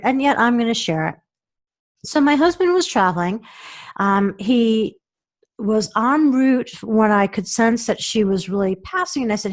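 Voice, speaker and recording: A middle-aged woman hosting a talk show, speaking earnestly and reflectively, often restarting and repeating her words. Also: a little high. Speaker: show host.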